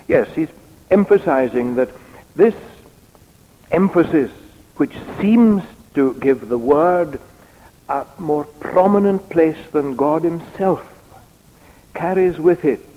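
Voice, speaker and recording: Male preacher, unhurried expository sermon, mid-pitched voice, long hall reverb. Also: dull audio. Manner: measured, deliberate, reads out quotations.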